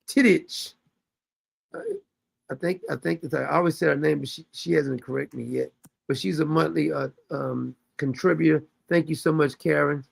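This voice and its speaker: A man's voice: fairly high pitch, creaky, a bit bright, slightly rough, no room sound. A man hosting a casual livestream chat, rambling loosely and laughing often. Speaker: show host.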